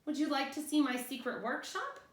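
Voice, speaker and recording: A woman's voice: sits high, sing-song, fairly quick, pitched above the performer's own voice. A woman voicing a sly, playful male neighbor who makes monster costumes, speaking in a teasing way. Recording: roomy echo.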